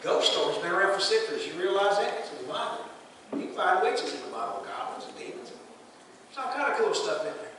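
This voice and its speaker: A man's voice: sits high, animated, a little fast, pushed and bright, a little hiss or hum. A man preaching a sermon, talking plainly and putting questions to the congregation. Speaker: pastor. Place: church sanctuary. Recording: echoey hall recording from a distance.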